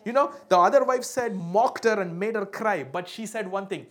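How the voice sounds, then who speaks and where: A woman's voice: mid-range voice, moderate pace, few pauses, fairly bright tone. A woman preaching a sermon with call and response, fervent and building, breaking into speaking in tongues.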